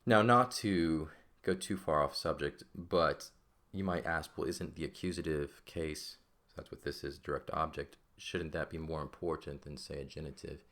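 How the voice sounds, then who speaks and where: A man's voice: extremely low pitch, moderate pace, a bit bright. A man teaching a classical Greek grammar lesson, explaining step by step and often checking in with "right?". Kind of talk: classroom lecture.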